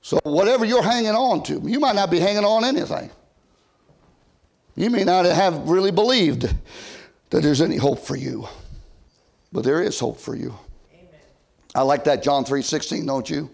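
An older man preaching an old-time sermon from a church pulpit, rising to loud shouted emphasis and dropping to quiet asides. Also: fairly high pitch, animated, moderate pace, gravelly, long pauses. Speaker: pastor.

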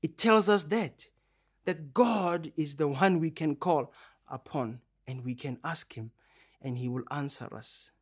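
A man preaching a sermon, earnest, swinging between raised, urgent calls and hushed, low phrases. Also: measured pace, husky.

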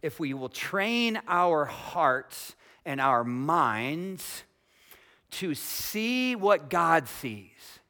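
Male pastor, sermon delivery, slightly high voice, emphatic with quiet asides, questions the congregation. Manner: emphatic, swings from loud declarations to quiet, intimate asides; asks the congregation direct questions.

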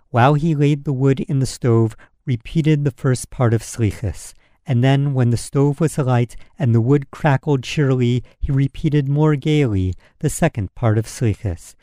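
A man reading a folk story aloud in a measured, solemn storytelling manner. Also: medium pitch, warm tone, no echo, studio quality.

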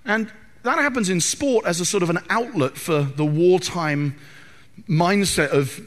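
A middle-aged man preaching a sermon, animated and humorous, acting out film lines, in a reverberant church hall. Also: high-pitched, unhurried.

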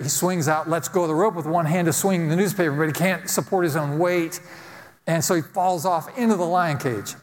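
A man preaches to his congregation in an easy, storytelling way, tossing out rhetorical questions as he goes. His voice sits somewhat high for a man. Long reverb from a large church hall trails each phrase. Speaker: pastor. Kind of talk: sermon.

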